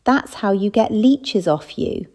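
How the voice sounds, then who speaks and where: A woman's voice: medium pitch, lively intonation, slow pace, warm tone, voice pushed up. A woman voicing a blunt, tough elderly woman raised on a sheep farm, speaking in a brusque, scolding manner in an audiobook. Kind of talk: audiobook character voice.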